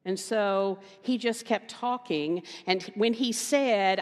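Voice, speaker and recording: A woman minister giving a conversational sermon, telling a story with animated quoted voices and emphatic repetition. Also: medium pitch, unhurried, hardly any pauses. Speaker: guest minister. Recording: reverberant hall.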